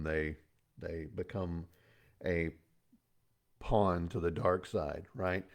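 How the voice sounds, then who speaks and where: A man's voice: sits low, a little mellow. A middle-aged man giving a casual motivational talk as host, chatty and folksy, with pop-culture asides.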